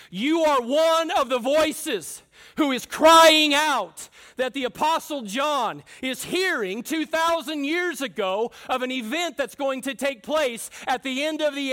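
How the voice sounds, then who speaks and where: A man's voice: extremely high pitch, fairly bright tone. A man preaching a sermon, fervent and emphatic, speaking straight to his listeners. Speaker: pastor.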